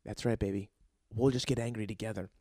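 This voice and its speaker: A young man who hosts a comedy podcast and wants to be a comedian tells a story in a casual, profane, rambling way, excitable and full of restarts. He talks fast in a fairly low voice, and the sound is clean studio audio with no room sound.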